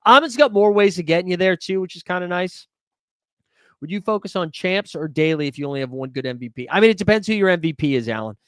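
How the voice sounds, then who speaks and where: A man's voice: sits high, quick pace, smooth, dry recording, studio quality. Upbeat man hosting a live fantasy stream. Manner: excitable, talks to chat by name, thinks aloud. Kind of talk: casual live-stream chat.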